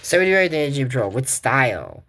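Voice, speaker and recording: A man casually recapping a cartoon episode, rambling and often pausing with fillers and restarts. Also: medium pitch, very animated, sharp tone. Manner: rambling, full of fillers and self-corrections. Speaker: cartoon commentary host.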